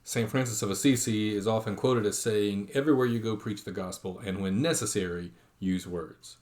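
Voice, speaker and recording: Man lecturing online, lowish voice, halting, reads quotes aloud. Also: a little mellow. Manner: reads quotations aloud, many fillers and restarts.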